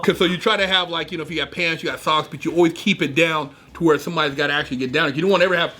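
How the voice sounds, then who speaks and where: A man telling stories in casual conversation, animated, acting out other people's lines. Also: on the high side, very fast. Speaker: guest. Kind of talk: casual storytelling.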